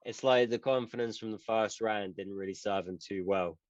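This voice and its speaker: A man's voice: lowish voice, fairly even intonation, normal speed, dry recording. A man co-hosting a podcast, talking casually in a rambling way with lots of fillers and swearing. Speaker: podcast co-host. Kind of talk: casual chat. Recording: muffled, dry lo-fi sound.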